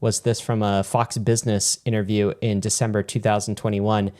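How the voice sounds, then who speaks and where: A man co-hosting a casual podcast, talking in a relaxed way and often hedging his opinions. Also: lowish voice, moderate pace. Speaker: podcast co-host. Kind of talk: casual chat.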